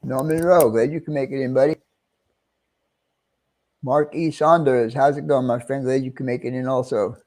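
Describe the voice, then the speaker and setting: A man's voice: mid-range voice, steady tone, moderate pace, pauses often, darkish tone. A middle-aged man with a New York accent, hosting a casual livestream and greeting viewers one by one with friendly chuckles. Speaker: livestream host.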